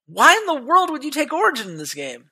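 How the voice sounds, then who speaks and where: Podcast co-host, casual and argumentative, very lively intonation. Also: high voice, quick pace. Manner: animated, argumentative. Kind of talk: casual esports betting chat.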